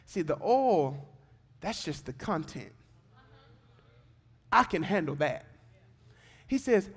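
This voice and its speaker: A man with a Southern US accent preaching a sermon, swinging between hushed asides and shouted calls to the congregation. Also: high-pitched, expressive, normal speed, vocal fry, long pauses. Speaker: pastor. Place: church sanctuary. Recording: church hall reverb.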